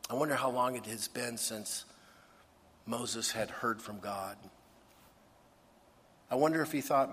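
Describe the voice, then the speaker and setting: A man preaching a sermon as a pastor, earnest, dropping to a hush and then rising to emphasis. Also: mid-range voice, a little slow, pauses often, slightly rough, long reverb tail. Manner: earnest, shifts between hushed and emphatic.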